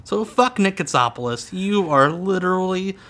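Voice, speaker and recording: A man's voice: high voice, animated, normal speed, bright, forceful tone. A man co-hosting a casual podcast, launching into a profane, mock-angry rant. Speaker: podcast co-host.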